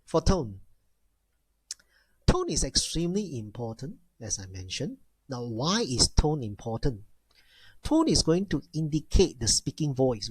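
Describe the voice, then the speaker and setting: Man, language teacher, unhurried, repeats himself, exaggerated tone demos, dry sound. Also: a little high, no room sound. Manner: repeats key phrases, addresses class as ladies and gentlemen; demonstrates tones with exaggerated sounds. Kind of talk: classroom lecture.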